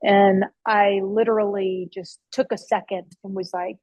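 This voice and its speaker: A woman's voice: medium pitch, little pitch movement, measured pace, darkish tone, no echo, muffled recording. Chatty woman chef with a dry close sound. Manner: chatty, with frequent restarts and fillers; swears casually. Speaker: barbecue restaurant owner and chef. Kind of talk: casual interview storytelling. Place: her restaurant.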